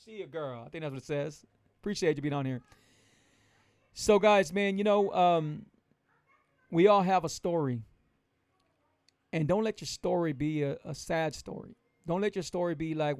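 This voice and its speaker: A man's voice: fairly high pitch, normal speed, long pauses, dry recording. A man coaching his viewers on a keto lifestyle in a casual livestream pep talk, motivational and repetitive.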